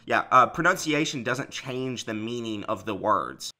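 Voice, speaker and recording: Bright-voiced man, dismissive streamer. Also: medium pitch, lively intonation, moderate pace. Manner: casual, dismissive. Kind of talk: casual stream talk.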